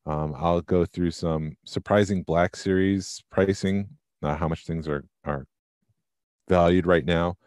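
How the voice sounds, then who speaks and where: A man co-hosting a collectibles podcast in casual chat, tired and halting with many ums. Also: deep voice, fairly even intonation, a little mellow, no echo, clean studio sound. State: sleepy. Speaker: podcast co-host.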